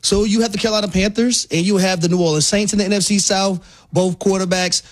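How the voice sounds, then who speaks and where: A man's voice: sits high, steady tone, fast talker. A man co-hosting a sports talk radio show, giving emphatic opinions and repeating words for stress.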